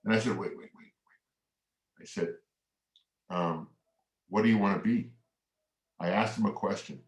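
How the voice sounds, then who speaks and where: Animated male workshop storyteller, echoey room. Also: lowish voice. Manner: animated storyteller who acts out quotes and leads the audience in movements. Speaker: workshop presenter for families.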